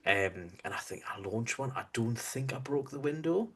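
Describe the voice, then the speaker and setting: A man with a Northern English accent co-hosting a casual chat, telling stories in a relaxed way with many fillers. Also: mid-range voice, normal speed, husky. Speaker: podcast co-host.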